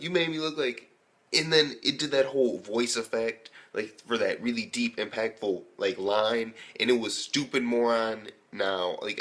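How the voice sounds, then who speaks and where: Young man, casual anime review, profane, rambling, excitable. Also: mid-range voice.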